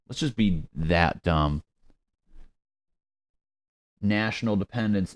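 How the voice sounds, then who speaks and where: A young man with a notably deep voice hosts a solo comedy podcast. His talk is crude and sarcastic, full of self-mockery. The recording is dry and close, with no room sound. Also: darkish tone, dry recording. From United States. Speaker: podcast host.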